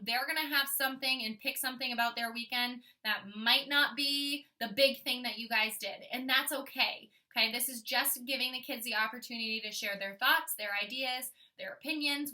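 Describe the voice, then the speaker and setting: A young woman teaching kindergarten, with a very bright, high voice. She thinks out loud and slowly sounds out each letter for young children. She is recorded from a distance from the mic. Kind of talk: modeling writing for young children.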